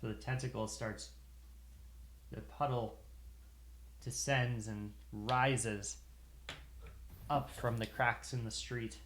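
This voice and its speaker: Casual: dude running a dnd game on stream, lots of ums and restarts. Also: male voice, mid-range voice, fairly even intonation, takes it slowly, long pauses, fairly bright tone. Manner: rambling, hesitant with many fillers. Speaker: game master. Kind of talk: narrating a tabletop game on a stream.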